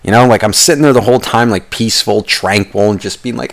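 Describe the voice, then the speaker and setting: Young adult man, podcast host, profane, rambling monologue, lowish pitch. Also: fast, vocal fry. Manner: profane, swears constantly; rambling with restarts and asides.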